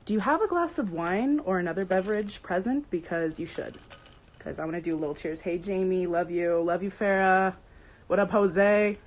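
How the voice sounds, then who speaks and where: Young woman chatting on a livestream, bubbly, shouts out viewers, super excited. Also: fairly low pitch, normal speed, poor audio. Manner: bubbly, greets viewers by name, playful shouts. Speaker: livestream host. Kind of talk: casual livestream chat.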